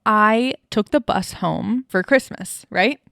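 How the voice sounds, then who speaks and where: A woman's voice: medium pitch, slow pace, creaky, a bit bright, dry recording, clean studio sound. A woman co-hosting a podcast, chatting casually and poking fun at her co-host with wry remarks. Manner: wry, teasing interjections. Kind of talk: casual chat.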